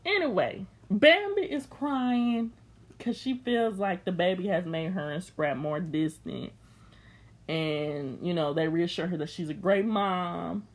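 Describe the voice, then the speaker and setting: A woman's voice: fairly low pitch, takes it slowly. A young woman recapping a reality show in blunt, slangy, sassy chat, unscripted.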